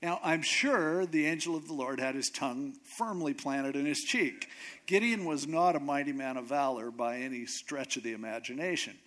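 A man's voice: mid-range voice, normal speed, a bit bright. A man preaching in a casual, conversational way, retelling a story with dry humor. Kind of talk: sermon storytelling.

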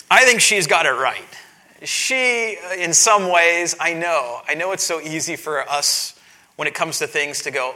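A male pastor preaching with a very bright, ringing tone and a fairly high voice. He tells a family story in an animated way and laughs between lines. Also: moderate pace. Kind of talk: sermon.

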